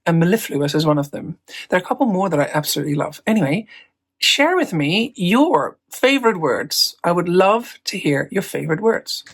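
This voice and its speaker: A woman's voice: fairly low pitch, big pitch swings, normal speed, slightly rough. A woman in her forties, an art teacher chatting in her small home studio, talking close to a phone with bubbly, rambling, self-amused energy. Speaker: mixed media artist and art teacher. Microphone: phone held close up.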